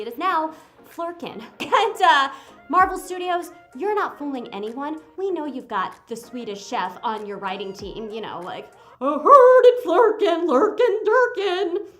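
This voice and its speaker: A woman giving a casual movie review, chatty and animated, talking straight to her viewers. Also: on the high side. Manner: animated and exclamatory, breaks into quick impressions; chatty, addresses viewers directly.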